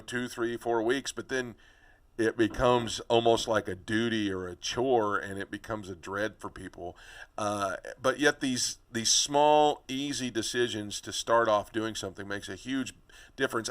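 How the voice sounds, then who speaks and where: A man's voice: on the low side, fairly bright tone. A man hosting a podcast interview, talking in a conversational, affirming way with frequent stammered restarts. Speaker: podcast host.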